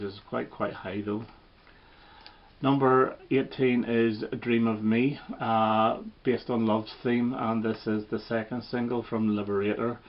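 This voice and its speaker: Low flat-voiced man, lo-fi. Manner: relaxed, hesitant with fillers and restarts. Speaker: record collector vlogger. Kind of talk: casual ranking review.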